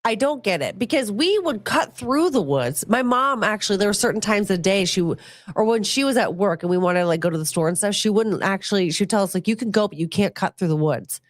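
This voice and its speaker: Woman host rambling thru crude stories, jokey, dry close mic, regular middle pitch. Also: expressive, fast, no echo. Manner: chatty, crude and joking, swings pitch a lot in quoted voices. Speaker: podcast host. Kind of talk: casual chat, storytelling and reading chat comments.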